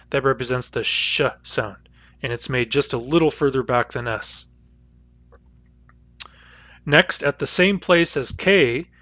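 Male instructor, patient phonetics lecture, mid-pitched, dry close sound, models each sound aloud. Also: fairly bright tone, no room sound. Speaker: language teacher.

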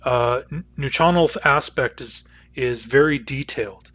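A man teaching a language class, explaining grammar patiently and methodically with frequent pauses and fillers. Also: mid-range voice, fairly bright tone, dull audio. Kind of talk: lecture.

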